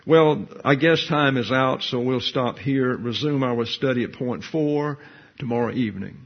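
An older man, a pastor teaching a Bible study in a folksy, unhurried storytelling manner. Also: mid-range voice. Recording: muffled lo-fi recording.

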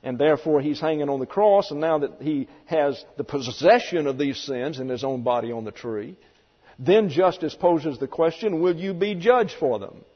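A man's voice: fairly high pitch, moderate pace, husky. A man preaching a sermon, explaining doctrine in an emphatic, methodical way and often linking points with "and therefore.". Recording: dull lo-fi recording with long hall reverb.

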